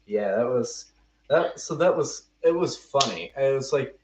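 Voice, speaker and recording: A man's voice: mid-range voice, lively intonation, measured pace, background noise. A young man from the United States, a podcast host telling a rambling, self-mocking story in casual chat among friends. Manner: rambling, self-mocking, restarts mid-sentence. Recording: roomy, distant and muffled mic.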